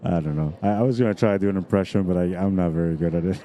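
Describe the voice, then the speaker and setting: Deep, very dark-voiced male stream commentator. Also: rapid-fire, a little hiss or hum. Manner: chatty, easygoing, talks directly to viewers. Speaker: pool tournament streamer and commentator. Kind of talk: casual live-stream commentary. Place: pool hall at a tournament.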